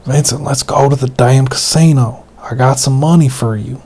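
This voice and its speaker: A man voicing a gruff old grandfather with an exaggerated Southern US accent, cursing as he talks. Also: medium pitch, normal speed. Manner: gruff, swearing, loud.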